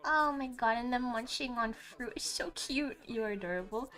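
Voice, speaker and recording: A young woman streaming a video game, gushing and excitable, swearing freely as she talks. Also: fairly high pitch, measured pace, few pauses. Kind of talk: gaming livestream commentary. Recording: faint game music behind.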